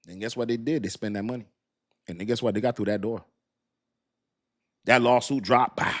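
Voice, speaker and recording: Dude w on a crypto stream, slangy and hyped, loud then quiet. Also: male voice, mid-range voice, moderate pace, pauses often. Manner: animated slangy street talk, swings loud and soft. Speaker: crypto livestream host. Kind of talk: casual livestream chat.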